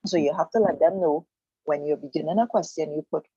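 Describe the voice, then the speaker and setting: A woman gives a language lesson on the radio, explaining with patience and saying words again slowly. Her voice sits low and mellow. The sound is dry, close and muffled. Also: slightly rough, dry recording. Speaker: Spanish teacher.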